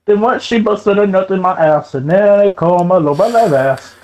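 A man in casual gaming banter, making crude wordplay and deadpan teasing. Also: high-pitched, normal speed. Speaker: gamer in voice chat. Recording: noisy voice chat mic.

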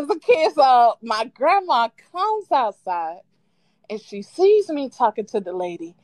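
A woman calling in to a live show, casually telling a childhood story with lively quoted voices and frequent laughs. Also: sits high, a little slow, no echo. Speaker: caller. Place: at home on a live call. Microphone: phone.

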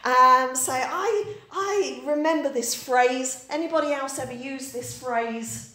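Her voice sits high, slow, pushed and bright: a woman pastor in her forties from Yorkshire preaching in an echoey church room. She keeps things chatty, tells stories, and asks the congregation questions.

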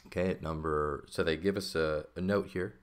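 Low-voiced man teaching classical Greek. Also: fairly even intonation, moderate pace. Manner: patient, explanatory, frequent "okay?" and "right?" check-ins. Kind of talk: recorded textbook lesson.

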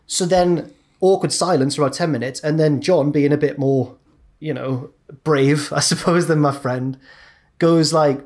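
A man's voice: fairly high pitch, a little fast, darkish tone. A young man co-hosting a podcast, telling a long rambling story in a casual, chatty way. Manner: rambling, chatty, drops into mate's voices. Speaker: podcast co-host.

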